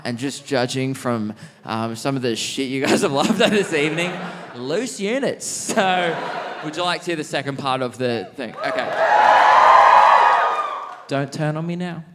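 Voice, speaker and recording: A young Australian man doing a stand-up comedy set in a large theatre, quick-witted and cheeky, laughing mid-line. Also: medium pitch, fairly bright tone. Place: large theatre stage, live audience.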